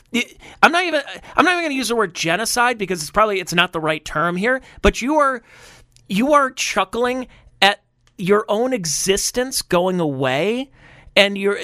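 A man's voice: high-pitched, pushed and bright, no room sound, clean studio sound. A man hosting a podcast, talking politics casually and animatedly, often repeating words as he starts a sentence. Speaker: podcast host.

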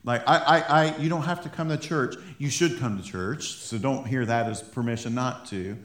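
A man preaching a sermon in a church, fired up and stumbling over his words in quick restarts. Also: medium pitch, fairly bright tone. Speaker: pastor. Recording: roomy echo in a church.

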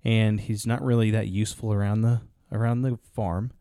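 A man's voice: on the low side, flat delivery, normal speed, dark tone, clean tone, no room sound, clean studio sound, close to an everyday voice. A man voicing a worried old farmer in his own plain storytelling voice.

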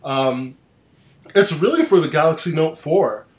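A man's voice: a little high, lively intonation, measured pace, reverberant. A man hosting a casual online chat, rambling with restarts and sardonic asides. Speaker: podcast host. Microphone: online call.

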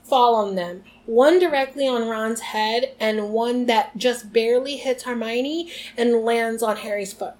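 Chatty higher-voiced woman co-host. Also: measured pace, few pauses. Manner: chatty, animated, reads passages aloud. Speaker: podcast co-host. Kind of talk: casual chat and reading aloud.

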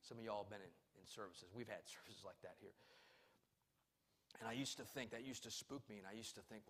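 Preaching in church in a fairly quick, low-leaning voice, a male pastor alternates between forceful, loud appeals and hushed personal storytelling.

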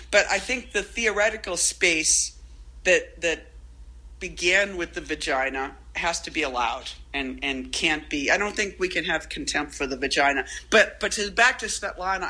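Bright-voiced rambling woman poet. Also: lowish voice, poor audio. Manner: rambling, self-interrupting, animated. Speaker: guest poet. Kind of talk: casual interview chat.

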